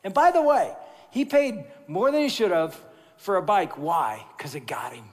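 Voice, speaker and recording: A man preaching a sermon as pastor, telling stories in an animated, jokey way and then turning quiet and earnest. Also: sits high, normal speed. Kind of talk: sermon with storytelling. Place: large church sanctuary. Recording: long reverb of a large church hall.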